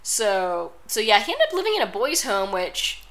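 A woman's voice: medium pitch, sing-song, moderate pace, a bit bright, slight background noise. A woman co-hosting a podcast in casual chat, blunt and sarcastic with strong opinions. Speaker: podcast co-host.

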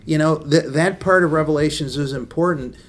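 A man co-hosting a faith talk show keeps agreeing with his partner and then adds his own points in a casual, friendly tone. His voice sits a little higher than most men's. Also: fairly quick. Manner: affirming, many short agreements. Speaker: co-host of a Christian talk show. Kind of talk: casual chat.

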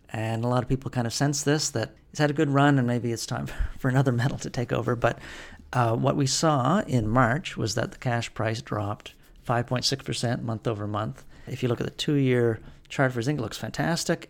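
A man with a gravelly, fry-edged voice runs through metal prices and market news in a loose, conversational way. He pauses often with fillers and restarts, and his voice sits at a middling pitch. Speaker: podcast host. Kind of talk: casual market commentary.

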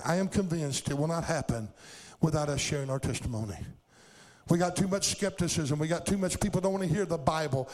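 Middle-aged man, preacher, sermon storytelling, rising fervor, slightly high voice. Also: brisk, a little mellow. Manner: storytelling, building to fervent exhortation.

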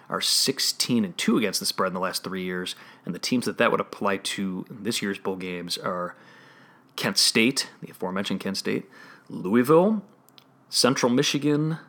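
Chicago man with a low voice. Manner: analytical, restarts phrases, trails off quietly at ends. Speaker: sports betting podcast host. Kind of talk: solo podcast analysis.

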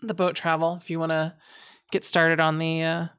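A woman's voice: low-pitched, little pitch movement, normal speed, a bit bright, clear, resonant tone. A woman voicing a weary, sighing male goblin merchant who hesitates often as she speaks. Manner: sighing, hesitant, full of ums.

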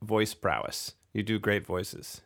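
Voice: deep voice, slow, creaky, fairly bright tone. A podcast co-host in casual chat, chatty and playful.

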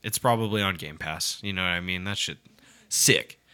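A man's voice: sits low, moderate pace, pushed and bright, clear, resonant tone. A young man co-hosting a casual podcast, telling rambling, profane stories and laughing through them. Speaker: podcast co-host.

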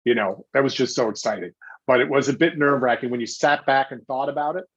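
A man's voice: medium pitch, slightly rough, no echo, highs cut off. A middle-aged man telling stories in an interview. He acts out quotes and restarts his sentences often. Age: 40s or older. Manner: animated storyteller acting out quotes, quick restarts. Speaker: guest, television host. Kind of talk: anecdotal interview talk.

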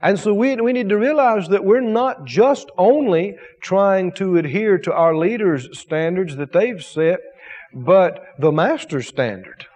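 A man's voice: sits high, animated, a little slow, a little mellow, in a large hall. A man preaching a sermon as pastor, emphatic, with repetition and rhetorical questions.

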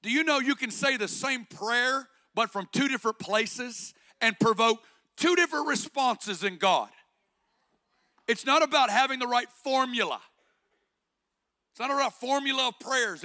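A man's voice: extremely high pitch, measured pace, sharp tone. A man preaching a sermon with passion, asking rhetorical questions and building through repeated phrases.

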